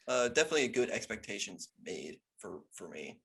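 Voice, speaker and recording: A man's voice: fairly low pitch, very animated, fairly quick, a bit bright, slightly rough. A man co-hosting a podcast, chatting casually about a movie in an easygoing, agreeable way, with stammered restarts. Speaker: podcast co-host. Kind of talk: casual movie review chat.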